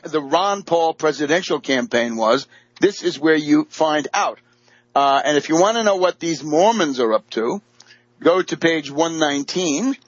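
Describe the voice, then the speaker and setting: A man's voice: on the high side, husky, no echo. A man giving a rambling political monologue, full of fillers and restarts. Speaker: political commentator. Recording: dull lo-fi dry audio.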